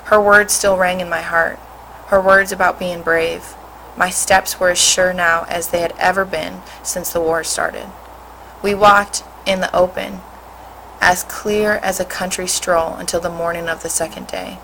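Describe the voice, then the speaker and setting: Lower-voiced woman reading a story aloud. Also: fairly even intonation, measured pace, creaky, pushed and bright, slight background noise, poor audio. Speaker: teacher.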